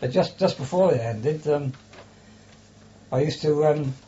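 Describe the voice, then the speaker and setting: An older man tells his memories slowly, stopping and restarting often with fillers. His voice is mellow and low in brightness. The recording is dull and lo-fi with a faint hiss. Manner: halting, hesitant with many restarts and fillers. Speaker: interviewee, former prisoner of war. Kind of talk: oral history interview.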